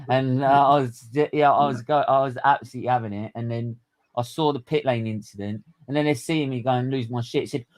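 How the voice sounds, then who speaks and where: A man hosting a casual stream chat, excitable and quick to laugh. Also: medium pitch, poor audio. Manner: excitable, laughs a lot, shouts when retelling. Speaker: stream host.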